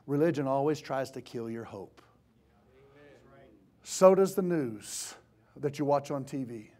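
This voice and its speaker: A man preaching a sermon in a church, swinging from impassioned shouting to hushed tones. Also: mid-range voice, lively intonation, a little slow. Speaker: pastor.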